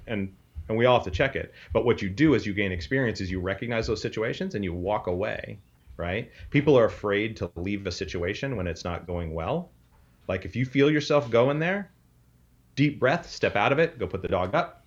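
A man's voice: on the low side, expressive, normal speed, slightly rough, dull audio. A man talking casually on a podcast, explaining dog training emphatically and often checking in with "right?".

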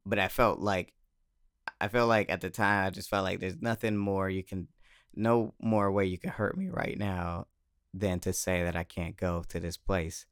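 A man telling a personal story in casual chat, animated, swearing and laughing often, on a close mic. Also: sits low, normal speed, clear, resonant tone, dry recording.

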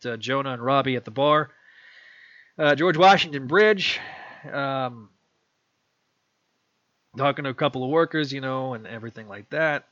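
A man's voice: mid-range voice, fairly bright tone, dry recording. A man casually recapping a story and rambling with fillers. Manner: rambling with fillers, acting out lines. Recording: dull lo-fi dry recording.

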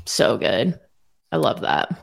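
A woman co-hosting a money podcast, chatting casually and adding quick interjections. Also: a bass voice, very animated, creaky. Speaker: co-host, financial educator. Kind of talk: casual banter on a money show.

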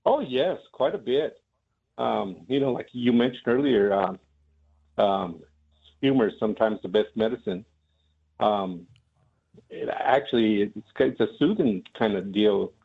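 A comedian calls in and tells his story slowly, pausing on ums and restarts. His voice is gravelly and husky. It comes over a thin, tinny phone line. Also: on the low side. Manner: hesitant, lots of ums. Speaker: comedian guest. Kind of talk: storytelling on a call-in show. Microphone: telephone.

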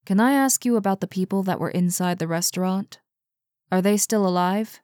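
A woman's voice: mid-range voice, normal speed, a little mellow, dry recording, clean studio sound, natural voice. A woman voicing a polite interviewer questioning a mysterious subject. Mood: probing.

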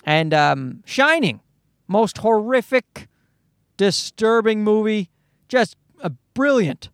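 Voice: medium pitch, animated, takes it slowly, no echo, clean studio sound. A podcast host ranting casually, swearing often and restarting sentences. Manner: profane, ranting, many restarts.

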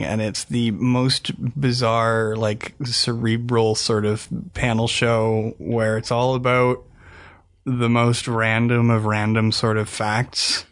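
A man's voice: mid-range voice, a bit bright. A man hosting a podcast in casual chat, eagerly sharing trivia and often restarting his sentences. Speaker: podcast host.

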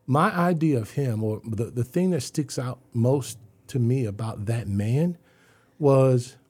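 A husky middle-aged man speaks as an interview guest, his voice mellow and soft-edged. He tells his story earnestly and keeps filling gaps with "you know.". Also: mid-range voice, takes it slowly. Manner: acts out remembered voices.

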